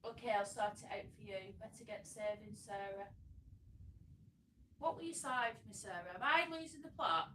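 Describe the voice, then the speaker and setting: A woman's voice: medium pitch, normal speed, pushed and bright, slight background noise. Chatty woman livestreaming. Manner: chatty, rambling, self-interrupting. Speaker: livestream host. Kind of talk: casual live chat reading comments. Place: home room. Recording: echoey room, a little far from the mic.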